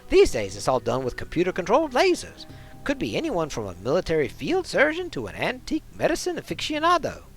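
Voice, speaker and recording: A wry, talkative dwarf coroner from a video game, his voice pushed high and bouncing through a wide, lively range, as a man puts him on. The tone is gravelly, and he explains grim details with dry irony. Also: brisk, soft background music, heavily acted, low-quality recording. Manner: talkative, dryly ironic.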